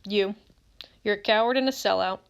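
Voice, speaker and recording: A woman's voice: mid-range voice, moderate pace, creaky, clear, resonant tone, natural voice. A woman reading as a bitter, scarred teenage boy who speaks to a dead friend in a raw, accusing way, in an audiobook. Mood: angry.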